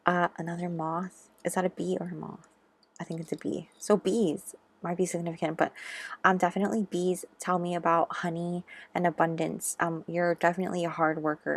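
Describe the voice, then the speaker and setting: A woman giving a pick-a-card tarot reading, gentle and musing, with frequent ums and soft asides. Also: fairly low pitch, gravelly.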